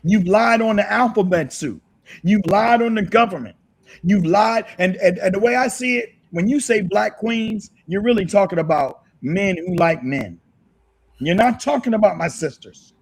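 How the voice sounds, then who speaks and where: A man with a husky voice, speaking heatedly and repeating himself as a guest on a livestream call. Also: high voice, normal speed. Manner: heated, repetitive, emphatic. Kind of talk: impassioned livestream callout.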